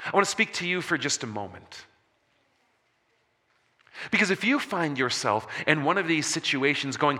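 A man preaching a sermon as a pastor, slowing for emphasis and dropping soft on key words. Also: fairly high pitch, big pitch swings. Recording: long reverb of a large hall.

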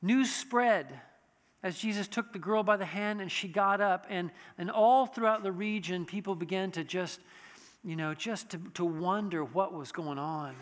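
A man's voice: sits high, unhurried, long reverb tail. A man preaching a sermon in a conversational way, with frequent restarts and asides. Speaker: pastor.

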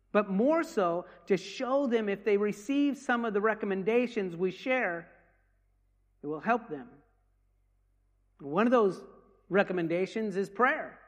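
A man with a high voice tells ministry stories to a congregation in earnest, stumbling over his words and starting again. His voice rings out with a long reverb, as in a large hall. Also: fairly bright tone. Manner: earnest storytelling with many restarts. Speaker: ministry leader. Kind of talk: testimony talk to a congregation.

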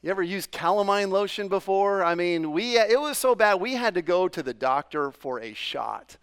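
A man's voice: sits high, animated, moderate pace, fairly bright tone, smooth. A middle-aged man from New England preaching a sermon in a loose, conversational way, full of fillers and questions to the congregation. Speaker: pastor.

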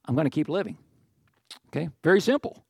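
A middle-aged male pastor delivering a sermon, lively and joking, now and then acting out other people's words. His voice sits a bit high for a man. The sound is close and dry, with no room around it. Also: quick pace, vocal fry, breathy edge, no room sound. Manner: animated, jokey asides, acts out quoted voices.

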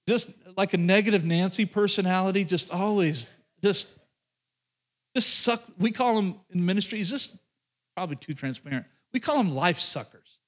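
A pastor with a fairly high voice preaches to his congregation. He talks in a conversational way, throws in joking asides, and often repeats phrases and restarts his sentences as he goes. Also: fairly quick, a bit bright. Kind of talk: sermon.

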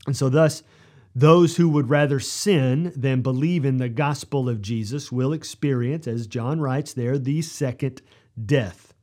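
A middle-aged man preaching a verse-by-verse sermon, reading scripture aloud in a measured way and then explaining it. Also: medium pitch, darkish tone.

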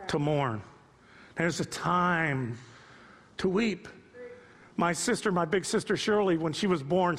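A man in his sixties preaching a sermon off the cuff, moving from quiet storytelling to impassioned rising appeals. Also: high-pitched, big-room sound. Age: 60s. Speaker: pastor.

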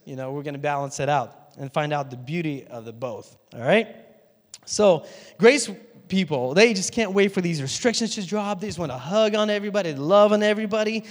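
A man preaching a sermon, leaning on an easy, chatty delivery with little laughs and asides to the congregation. His voice sits a bit higher than most men's. It carries with the long reverb of a church hall. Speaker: pastor.

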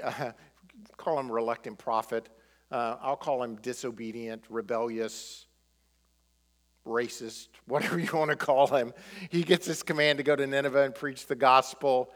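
A male pastor preaching a sermon, animated, throwing rhetorical questions at the congregation. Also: medium pitch, moderate pace, big-room sound.

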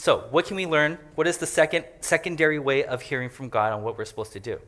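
A man's voice: mid-range voice, steady tone, quick pace, fairly bright tone. A man preaching a conversational sermon as a pastor, joking and chatty as he explains a passage. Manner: joking and chatty, laughs often.

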